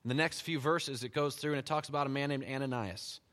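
A man's voice: medium pitch, fast. Man preaching in a reverberant hall. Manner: animated storytelling, reads scripture aloud, chuckles often. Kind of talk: sermon.

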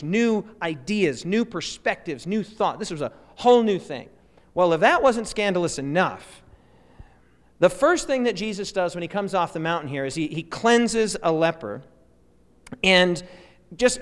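Male preacher, high lively delivery, questions to the room, long hall reverb. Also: moderate pace. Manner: animated, asks the congregation questions. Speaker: pastor. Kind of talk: sermon.

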